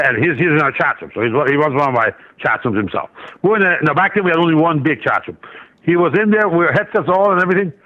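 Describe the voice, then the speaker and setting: Rambling, animated man on a dull line. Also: on the high side. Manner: rambling, with many restarts and asides. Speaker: guest market analyst and trader. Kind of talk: casual radio interview storytelling.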